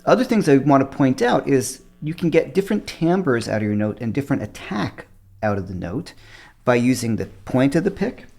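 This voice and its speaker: A middle-aged man teaching a guitar lesson, shifting between louder and softer speech on purpose. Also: sing-song, normal speed, gravelly. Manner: varies loudness and pitch on purpose to show dynamics. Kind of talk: guitar lesson, talking to camera. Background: guitar playing.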